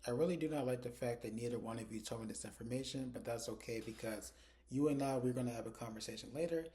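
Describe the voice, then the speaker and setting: A man voicing an angry, suspicious woman who confronts her partner with sharp, demanding questions. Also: medium pitch, quick pace, natural voice. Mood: indignant.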